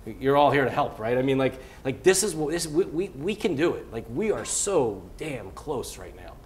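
A man, a venture capitalist guest on stage, speaking in an animated, rambling way full of fillers and restarts. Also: mid-range voice, moderate pace, slight background noise. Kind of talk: onstage interview. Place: event hall before a live audience.

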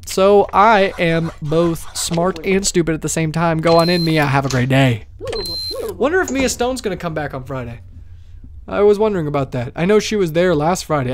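A man's voice: high voice, slight background noise. Jokey, profane man streaming a horror game. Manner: jokey, profane, talks to game characters as a doorman; swings between loud mock-cheer and muttered asides. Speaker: let's play streamer. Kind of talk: live gameplay commentary.

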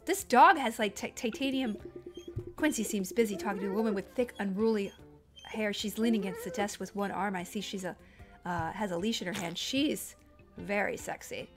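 A woman streaming a live game play-through, reading text aloud and crying out excitedly at the screen. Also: medium pitch, normal speed, over music.

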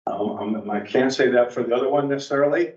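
A man's voice: medium pitch, quick pace. Rambling man, distant in a roomy hall. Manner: rambling, digressive, animated storyteller. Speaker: guest speaker. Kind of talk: adult education talk. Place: church meeting room. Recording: roomy, distant, dull church hall recording.

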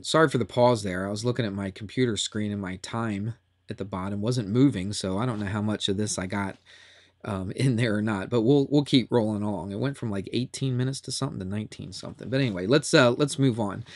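A man's voice: lowish voice, fairly quick, dry recording, studio quality. A man teaching a recorded math lesson in a chatty, upbeat way that often repeats itself.

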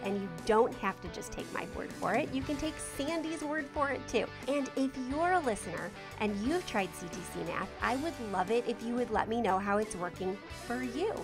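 A woman's voice: fairly high pitch, animated, normal speed, hardly any pauses. A woman podcast host doing an enthusiastic sponsor read. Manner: upbeat, enthusiastic endorsement. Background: clear music.

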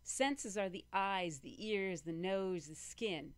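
A woman performing a spoken word poem in a slow, deliberate recitation, repeating short commands one after another. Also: medium pitch, clean tone, no echo. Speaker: poet. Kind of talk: spoken word poetry reading.

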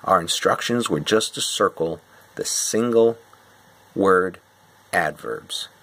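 Middle-aged teacher, deep voice, bright and a little husky, walking a class through answers. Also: male voice. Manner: slow and patient, explaining step by step. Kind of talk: classroom quiz review.

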